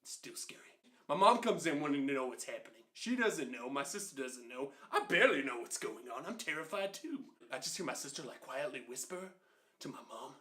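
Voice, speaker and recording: Animated young man telling a funny story. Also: fairly high pitch. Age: 20s. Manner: animated and conversational, with quick asides. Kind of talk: comedic storytelling.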